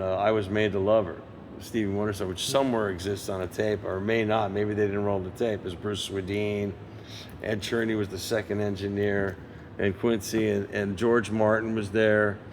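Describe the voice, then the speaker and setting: A man in his sixties, a session guitarist giving an interview, telling an anecdote with lively energy and acting out other people's lines. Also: on the low side, normal speed, a little hiss or hum. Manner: lively raconteur who acts out others' lines. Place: museum interview set.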